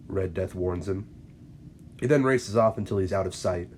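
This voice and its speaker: A man's voice: sits low, moderate pace, a little mellow, a little hiss or hum. A man hosting his channel, reading out a fan-written episode script in a plain, matter-of-fact way. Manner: plain, matter-of-fact narration with small slips. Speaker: channel host and narrator.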